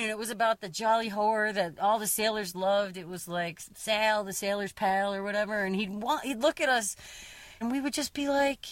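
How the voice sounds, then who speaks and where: A woman who fishes commercially, chatting casually and reading her own story aloud, with lively jumps in pitch when she quotes people. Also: brisk, dry recording. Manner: lively, mimics other people's voices with sharp pitch jumps. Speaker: commercial fisher and zine publisher.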